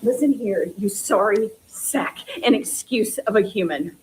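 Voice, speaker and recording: A woman's voice: medium pitch, lively intonation, a little slow, a little hiss or hum, close to an everyday voice, poor audio. A woman playing a bitter, scorned woman in a comedy skit, taunting and laughing scornfully between jabs.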